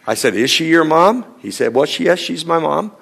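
A man, a pastor, telling a story in a sermon and acting out both sides of a conversation, sometimes dropping to a hushed near-whisper. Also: on the high side, expressive, moderate pace, gravelly, slightly rough. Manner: acts out both sides of a dialogue, drops to a hushed near-whisper in tender moments.

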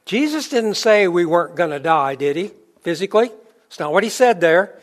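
A man preaching a conversational sermon, with filler words and restarts, who builds to emphatic peaks and then drops low and soft. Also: lively intonation, moderate pace. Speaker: pastor.

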